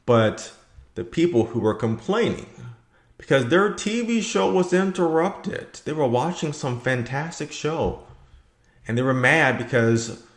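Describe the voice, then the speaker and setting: A man's voice: on the high side, lively intonation, measured pace. A man giving blunt, rambling opinion commentary for his video channel. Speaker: vlogger. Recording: echoey room.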